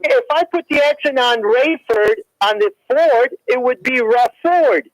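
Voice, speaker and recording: A male caller on a talk radio show whose voice sits very high for a man. He teases and needles the host, and his voice sounds dry and close with no room around it. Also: unhurried, dry recording, rough recording. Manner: needling, teasing. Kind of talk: call-in radio chat.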